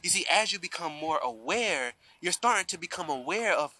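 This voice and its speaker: A man's voice: a little high, lively intonation, normal speed, sharp tone, rough recording. A man giving an emphatic spiritual talk to a camera outdoors, often asking "you see?". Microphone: camera mic.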